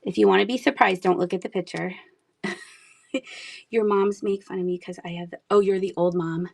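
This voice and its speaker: A woman's voice: mid-range voice, steady tone, moderate pace, vocal fry, no room sound. A woman in her thirties chatting casually while selling items on a live stream, laughing often and talking to viewers. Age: 30s. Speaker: live auction seller.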